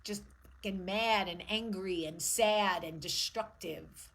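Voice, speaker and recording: In a candid vlog monologue, a host in her forties talks emotionally about personal matters and swears without restraint. She speaks slowly in a mid-range, slightly bright voice, captured with poor audio quality.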